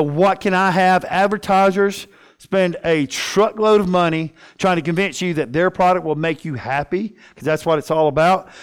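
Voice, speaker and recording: A middle-aged male pastor preaching a sermon in a conversational, storytelling way, often checking in with "right?". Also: high voice.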